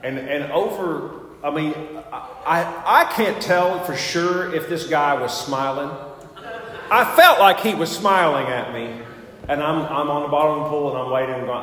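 A man's voice: on the high side, moderate pace, fairly bright tone. Man preaching in an echoey church. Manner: conversational storytelling with many fillers and restarts. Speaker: pastor. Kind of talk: sermon with personal story. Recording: echoey church hall with long reverb.

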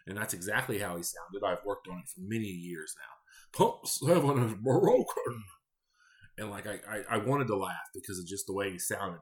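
A man in his thirties, a podcast host, telling candid stories in a casual, rambling, deadpan way. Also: sits low. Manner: candid, rambling, deadpan about odd customers. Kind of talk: casual storytelling monologue.

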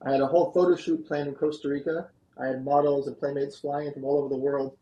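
Man, podcast guest, animated storyteller, slightly high voice, mellow warm tone. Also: highs cut off. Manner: animated, fast-moving anecdotes. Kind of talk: storytelling interview answer. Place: podcast studio.

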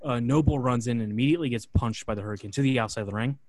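A man hosting a podcast, telling a story in a relaxed way with fillers and recapping a match. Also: mid-range voice, rapid-fire, no echo. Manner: relaxed, with fillers, acts out quotes. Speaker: podcast host.

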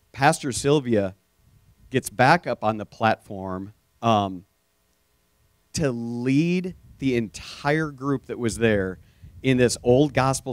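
A man pastor delivering a sermon in a mid-range voice. He talks in an earnest, storytelling way and swells with sudden bursts of energy. The recording is dry and close, with no room echo. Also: medium pitch.

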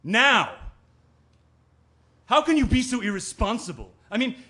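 A man's voice: mid-range voice, normal speed, close to an everyday voice. An actor playing an anxious man, speaking an inner monologue that turns brooding and angry. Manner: brooding, bursts into anger. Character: anxious man whose partner is ill. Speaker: Ben's partner. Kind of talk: audio drama acting, inner monologue.

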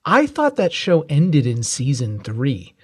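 A man's voice: medium pitch, huge pitch swings, takes it slowly, darkish tone, breathy edge, no room sound, clean studio sound. Emphatic, casual man co-host. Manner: conversational, emphatic, addresses co-host by name. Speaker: podcast co-host. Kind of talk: casual chat.

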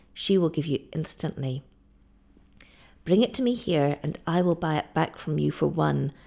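A woman's voice: deep voice, creaky, mellow. A woman reading aloud and voicing a grave, earnest young island husband who pleads in earnest.

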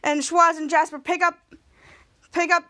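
A woman hosting a podcast, recapping a TV episode in a casual, excitable way, repeating herself and correcting her own words. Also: extremely high pitch, moderate pace. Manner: excitable, repetitive, frequent self-corrections. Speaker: podcast host.

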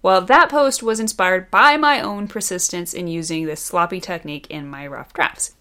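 A woman's voice: lowish voice, normal speed, pushed and bright. Woman author teaching fiction editing. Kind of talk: scripted instructional narration.

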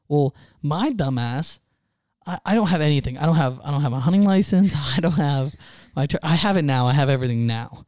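A man's voice: on the high side, a little fast, clean tone, no echo, studio quality. A man, co-hosting a casual podcast and telling a story, acting out what others said. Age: 20s. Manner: animated storyteller, acts out quotes. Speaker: podcast host.

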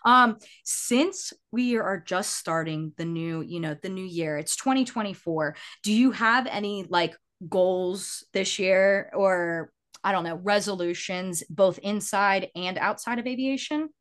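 A woman's voice: mid-range voice, measured pace, a bit bright. Effusive woman podcast host. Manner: effusive, gushing, with many restarts. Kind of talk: casual interview chat.

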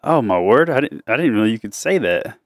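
A middle-aged man hosting a casual family podcast, playful, teasing and quick to laugh. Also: mid-range voice, very animated, no echo, studio quality. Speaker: podcast host and father.

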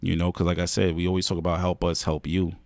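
A man's voice: deep voice, level tone, fast talker, vocal fry, a little mellow, no echo. A man co-hosting a podcast, giving earnest advice in a casual chat, often repeating himself and saying "man" and "you know what I mean". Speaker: podcast co-host.

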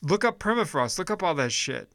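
A man's voice: fairly high pitch, sing-song, a little fast, bright, forceful tone, smooth, no room sound. A man delivering a blunt, profane, exasperated casual rant, often restarting his sentences.

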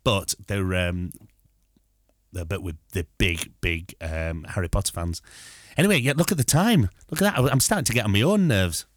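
A middle-aged English man co-hosting a podcast in a jokey, lively way. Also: deep voice, normal speed, dry recording, clean studio sound. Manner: jokey, lively, bursts into silly voices. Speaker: podcast co-host. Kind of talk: casual chat.

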